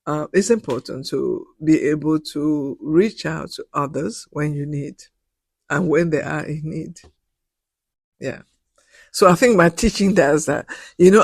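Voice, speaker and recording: In an indoor radio studio with no room sound, a sixty-something woman professor talks in a low, husky voice. She's a guest sharing personal stories, heartfelt and on the verge of tears, and when moved she restarts and repeats her words.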